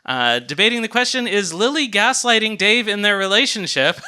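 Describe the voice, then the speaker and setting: Laughing high-voiced male game show host. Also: expressive, normal speed, sharp tone, clear, resonant tone. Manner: laughs often while announcing. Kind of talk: live comedy game show hosting. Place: theater stage before a studio audience. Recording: live stage recording with audience noise.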